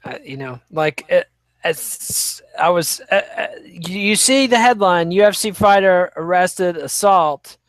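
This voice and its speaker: A man with a high-pitched voice talks on a podcast, offering wry commentary that meanders with plenty of fillers. The sound is dry and close. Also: a little slow, a bit bright, no room sound. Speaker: podcast co-host. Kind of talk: casual chat.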